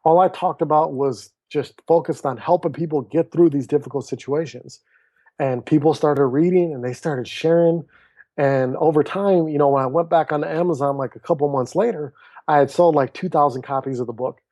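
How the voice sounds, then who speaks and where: Speaking at a normal speed in a slightly high voice with no echo, a thirties-aged man, an author and speaker, is a guest on a podcast. In the casual interview he tells his story animatedly, acting out the dialogue of others.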